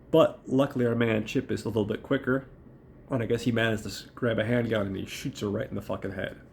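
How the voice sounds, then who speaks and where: Hoarse man with a cold, recapping casually. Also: medium pitch, a little mellow, slight background noise. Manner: loose, profane storytelling, many fillers. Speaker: podcast host.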